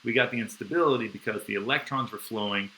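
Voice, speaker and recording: A man teaching biology on a live stream, excitable and slangy, with playful sound effects. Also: fairly low pitch, fast talker, rough recording. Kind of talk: enthusiastic live-streamed lecture.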